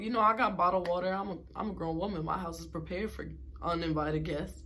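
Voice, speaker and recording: A woman's voice: fairly low pitch, fairly even intonation, fairly quick, few pauses, fairly bright tone, slight background noise. Young adult woman, vlogger telling a story; exasperated, sarcastic, casual.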